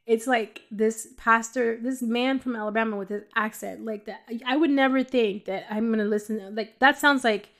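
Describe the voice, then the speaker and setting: A woman's voice: a little high, moderate pace, few pauses, a bit bright. A woman giving a casual personal faith testimony as a podcast host, rambling and joking with frequent laughs. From New York City. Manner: rambling, joking, laughs often between phrases.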